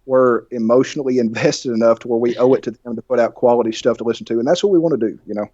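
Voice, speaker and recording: A man with a deep, thick Alabama accent, chatting fast and laughing often as a podcast guest. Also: dark tone, no room sound, lo-fi sound. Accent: Southern US, Alabama. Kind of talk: casual chat.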